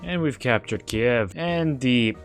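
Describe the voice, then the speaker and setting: A man's voice: mid-range voice, expressive, slow pace, soft background music. Sarcastic foul-mouthed male game commentator. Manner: sarcastic, swears often, bursts into mock outrage. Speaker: gaming commentator.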